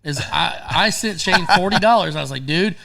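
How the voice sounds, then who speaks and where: A man co-hosting a radio show, chiming in with quick, joking interjections in casual chat. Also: on the high side, animated, gravelly, sharp tone.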